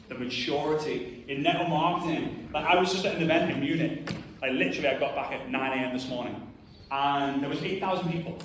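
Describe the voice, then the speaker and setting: A man's voice: mid-range voice, fairly quick, slight background noise. A man giving a live motivational talk to an audience in a large hall, direct and punchy, often throwing questions at the crowd. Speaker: motivational speaker at a network marketing event. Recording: very echoey hall recorded from far off.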